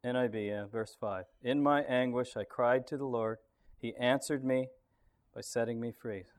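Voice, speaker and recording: A man leading a casual group Bible study, relaxed and thinking aloud, often chuckling. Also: medium pitch, moderate pace.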